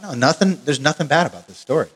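A man's voice: fairly high pitch, very animated, rapid-fire, fairly bright tone, slightly rough. A man co-hosting a casual podcast, telling long, rambling, profane stories. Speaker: podcast co-host. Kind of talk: casual chat. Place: Oregon. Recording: long reverb.

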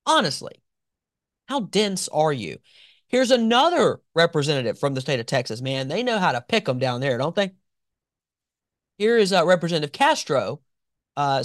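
On his political commentary show, the host mocks his targets with sarcastic asides and animated emphasis, his pitch rising and falling sharply as he makes his case. The sound is close and dry, with no echo.

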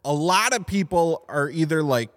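A male podcast host in a car shop, his voice sitting a little high. He tells stories with a lot of energy, swearing freely and loudly acting out what other people said. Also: moderate pace. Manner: animated storyteller, swears, acts out quotes loudly. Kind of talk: casual podcast chat.

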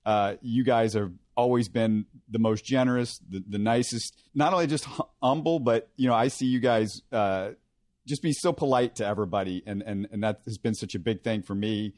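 A man hosts a casual interview in an eager, affirming way. His voice sits on the low side. The sound is close and dry, with no room echo. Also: moderate pace, darkish tone. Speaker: podcast host.

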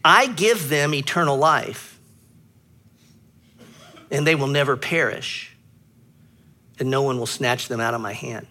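A man preaching a sermon as a pastor, teaching earnestly, clearing his throat often and pressing hard on key words. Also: mid-range voice, a little slow, pauses often, sharp tone.

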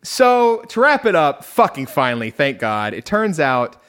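A man's voice: fairly high pitch, a little slow, smooth. A man co-hosting a podcast, recapping a film in casual chat, swearing freely and laughing often. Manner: profane, laughs often, animated storytelling. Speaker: podcast co-host.

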